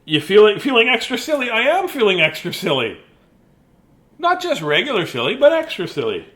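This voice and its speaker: A man's voice: high-pitched, wildly swooping pitch, fairly quick, pushed and bright. Goofy man reading a bedtime story. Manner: goofy, chatty asides and sing-song noises. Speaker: storybook reader.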